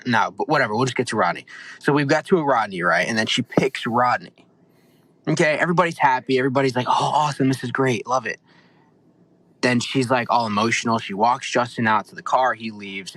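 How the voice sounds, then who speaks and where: A young man on a podcast, excitedly recapping a reality show in a rambling, animated way. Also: lowish voice, low-quality recording. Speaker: podcast co-host.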